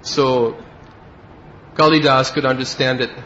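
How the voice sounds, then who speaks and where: A man giving a devotional class and telling a story in a relaxed way, sometimes chuckling. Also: medium pitch, unhurried. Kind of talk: storytelling sermon. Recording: dull lo-fi recording with faint hiss.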